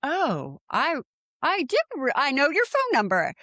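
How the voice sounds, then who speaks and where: As a guest on a podcast, a forties-aged woman from San Diego casually recounts something from her own life, voicing other people's words with lively leaps in pitch and lots of fillers. Her delivery is unhurried and animated. The recording is dry and of studio quality.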